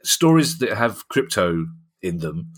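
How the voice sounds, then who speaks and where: A low, husky-voiced man hosting a casual podcast. He teases his co-host and keeps the talk light and jokey. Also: very animated, measured pace. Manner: jokey, teasing.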